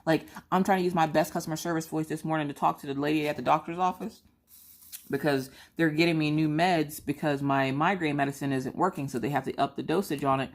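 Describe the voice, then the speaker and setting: Brief: low-pitched middle-aged woman, chatty vlog rambler, animated storyteller. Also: quick pace. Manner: chatty, animated, acts out quotes of herself and her kids. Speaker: vlogger.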